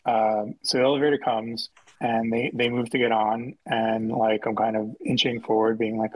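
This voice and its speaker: A man's voice: medium pitch, a little fast, a little hiss or hum, poor audio. A man guesting on a podcast, telling a story in casual chat with plenty of fillers. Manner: relaxed anecdote-teller with many fillers.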